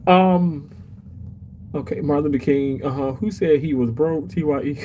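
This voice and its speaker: A man's voice: a little high, fairly even intonation, brisk, background noise. A man hosting a casual livestream, chatty and emotional as he reads comments aloud. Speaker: livestream host reading chat.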